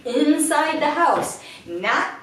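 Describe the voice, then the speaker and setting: A woman dog trainer explains a lesson to the camera with a lively, up-and-down delivery and a fairly high voice. She breaks into very high sing-song praise for the dog. The sound is echoey and recorded from a distance. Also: takes it slowly, slight background noise. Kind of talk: instructional talk to camera. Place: indoors in a house. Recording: echoey room, mic at a distance.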